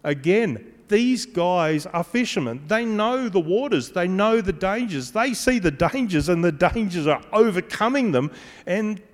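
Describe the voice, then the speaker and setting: A man preaching a sermon, measured and emphatic, slowing down on key phrases and adding dry asides. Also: high-pitched, lively intonation. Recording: long reverb of a large hall.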